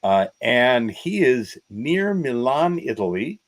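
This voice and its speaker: A man's voice: mid-range voice, sing-song, slow, rough recording. An American man co-hosting a podcast, introducing a guest in a wry, chatty way. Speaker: podcast co-host. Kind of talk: podcast chat.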